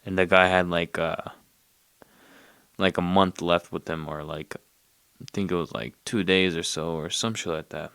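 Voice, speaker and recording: A man's voice: low-pitched, fairly even intonation, a little slow, vocal fry, pauses often, a bit bright, clean tone, no echo. A man casually retelling a movie plot in a rambling, profane way, with streetwise slang. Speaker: podcast host.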